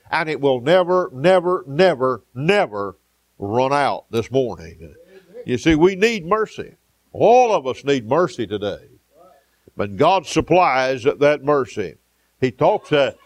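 Gravelly preacher man. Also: a little high, a little mellow, no room sound. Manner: preaching with frequent "uh" fillers and repetition. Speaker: pastor. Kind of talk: sermon.

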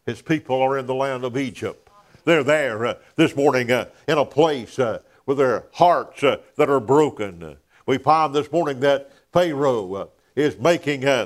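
A man preaching a sermon in a church, filling pauses with "uh" and dropping to a near whisper on key words. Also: mid-range voice. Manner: preaching with frequent "uh" fillers, dropping to hushed emphasis.

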